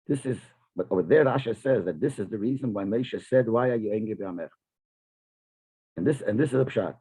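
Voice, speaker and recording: A man's voice: mid-range voice, darkish tone, husky, poor audio. A man, a rabbi, teaching a lesson on a commentary, mixing Hebrew and Yiddish terms into his English and often restarting his phrases as he explains.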